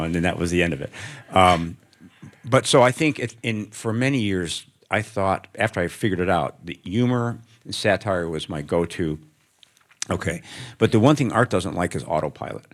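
Very deep-voiced older man, reflective. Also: moderate pace. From American Midwest. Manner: reflective, anecdotal, gently humorous. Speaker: author guest. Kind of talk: onstage conversation before an audience.

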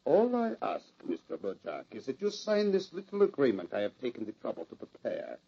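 Casting an accented gambler heavy for a radio play: sweeping pitch, sinister calm, muffled old audio. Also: male voice, full character voice. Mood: menacing. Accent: foreign. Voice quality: smooth, sinister and deliberate. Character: suave menacing male gambler villain with an accent. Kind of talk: old-time radio drama acting. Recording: dull lo-fi old radio recording.

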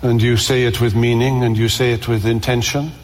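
A man's voice: mid-range voice, flat delivery, a little fast. Impassioned preacher man in a reverberant hall. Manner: impassioned, repeats words and restarts, rises to emphatic peaks. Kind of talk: sermon.

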